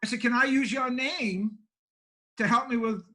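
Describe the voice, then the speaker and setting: An older pastor and homeless shelter director from Maine has a very high, bright, forceful voice and speaks at a moderate pace. In a low-quality recording, he tells plainspoken, self-deprecating country stories in a folksy interview.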